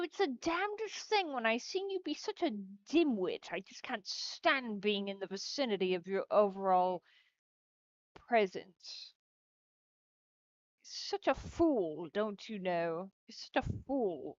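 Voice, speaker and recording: A prim, indignant British lady, high-pitched and dripping with outrage, spits out old-fashioned insults, as a woman puts her on. Her scolding is theatrical and drawn out, heard through dull, lo-fi stream audio with a dry, close sound. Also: no echo. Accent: put-on British.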